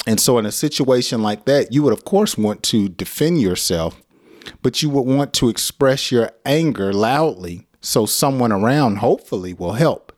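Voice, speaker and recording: Slow-talking American man teaching English. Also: mid-range voice, sing-song. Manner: acts out angry example phrases, laughs often. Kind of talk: casual spoken lesson.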